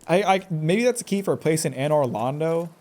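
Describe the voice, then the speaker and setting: A man's voice: a little high, animated, a little fast, a little mellow. Joking man streaming a game. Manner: jokey, talks back at the game. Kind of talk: live gameplay commentary.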